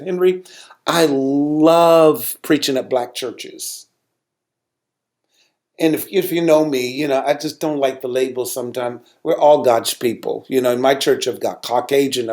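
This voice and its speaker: A middle-aged man, a pastor, telling a story from his ministry in an animated way, repeating words and rising sharply when he recalls his anger. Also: mid-range voice. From United States. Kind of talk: storytelling sermon talk.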